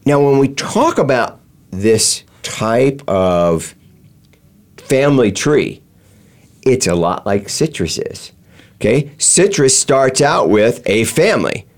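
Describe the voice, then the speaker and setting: A man's voice: medium pitch, big pitch swings, slow. A man hosting a talk show, explaining step by step with many fillers and restarts. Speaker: show host. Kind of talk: explanatory chat.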